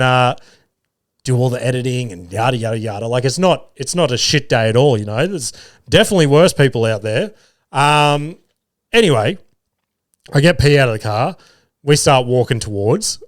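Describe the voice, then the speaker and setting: A podcast host in his thirties from Australia tells a rambling story as a casual monologue, swearing freely and poking fun at himself with self-deprecating humour. His voice is mid-range, captured in clean studio sound without echo.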